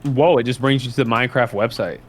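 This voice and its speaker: A man's voice: mid-range voice, quick pace, heavy background noise. A young man from Nashville with a light Southern accent, rambling loosely and swearing in casual chat. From Nashville, Tennessee. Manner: rambling, swears, laughs at his own stories. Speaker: co-host guest.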